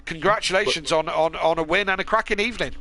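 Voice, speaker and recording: A man's voice: high voice, quick pace, a crowd in the background. A man hosting a sim racing broadcast, chatting with drivers after the race with lots of fillers and restarts. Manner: chatty, filler-heavy, enthusiastic. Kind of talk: post-race interview commentary.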